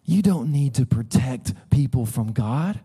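A man preaching a sermon as a pastor, conversational and animated, acting out voices as he tells stories. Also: mid-range voice, unhurried, breathy edge. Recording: long hall reverb.

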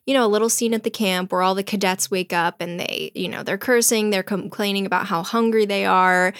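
A woman's voice: mid-range voice, fairly even intonation, a little fast, fairly bright tone, no room sound, studio quality. Chatty woman retelling a story. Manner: chatty, slangy, laughs often. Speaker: storyteller host. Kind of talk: casual chat retelling a story.

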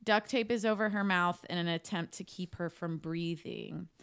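A woman with a somewhat low voice recounts a true-crime case in a loose, conversational way. She talks like she is chatting with friends, with plenty of "like" and the odd curse word. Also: fairly even intonation, normal speed, a bit bright, smooth. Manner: chatty, swears, lots of "like". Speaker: podcast co-host telling a case. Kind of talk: casual true-crime storytelling.

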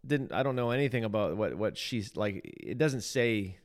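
A man's voice: on the low side, expressive, moderate pace. A man hosting a faith podcast as lead pastor, opening with a scripted intro and then joking around in casual chat, often restarting his sentences. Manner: playful, jokey, trails off into restarts.

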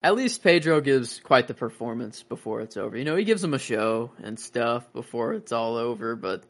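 A man co-hosting a podcast, chatting loosely with lots of "like" and restarts. He acts out his own reactions as he talks. His voice sits at an ordinary middle pitch. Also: animated, moderate pace, vocal fry. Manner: rambling, filler-heavy, acts out his reactions. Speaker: podcast co-host. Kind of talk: casual chat.

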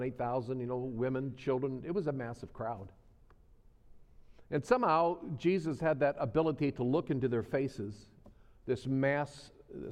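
A man preaching a sermon in a folksy, conversational way, repeating phrases for emphasis and dropping softly at the ends of points. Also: mid-range voice. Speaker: pastor. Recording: long reverb of a church hall.

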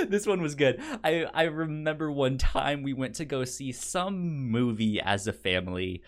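A man's voice: medium pitch, expressive, measured pace. A man co-hosting a podcast in casual chat, stammering often and laughing through his stories. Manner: stammering, laughs a lot while telling stories. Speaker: podcast co-host.

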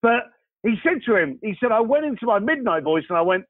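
Talking a little fast in a high voice, a concierge business owner tells stories as an interview guest, acting out the dialogue as he goes. The recording is dry with no echo, sounding tinny like a phone line.

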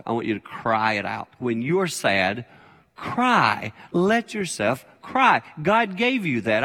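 A man's voice: mid-range voice, bright, forceful tone. An older man preaching a sermon as a pastor, conversational and plain-spoken, repeating his key phrases. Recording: long hall reverb.

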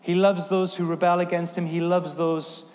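A man's voice: high-pitched, flat delivery, moderate pace, a little mellow, in a large hall. A man preaching a sermon as pastor, earnest, with a repetitive, building cadence. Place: church sanctuary.

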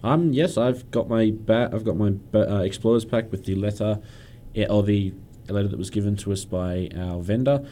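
A man playing a tabletop game, speaking in a deliberate, halting way. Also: lowish voice, dark tone. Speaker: player. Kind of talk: casual tabletop play.

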